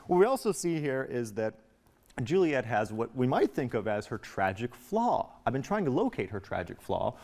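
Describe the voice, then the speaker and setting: A man teaching a recorded literature lesson in a chatty, lively way. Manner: reads quotes aloud in a high put-on voice.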